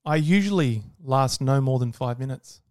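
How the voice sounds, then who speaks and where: A man's voice: mid-range voice, lively intonation, moderate pace, darkish tone, dry recording. Dry-witted man teaching on a medical podcast. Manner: dry teasing, quizzes his co-host. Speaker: podcast co-host and doctor. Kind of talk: casual podcast chat, teaching segment.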